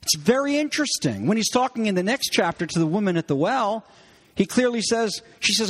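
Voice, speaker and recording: High-pitched guy preaching, bible teaching, punches the quotes. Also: animated, brisk. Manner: expository teaching, rising emphatically on quoted lines. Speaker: pastor. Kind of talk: sermon.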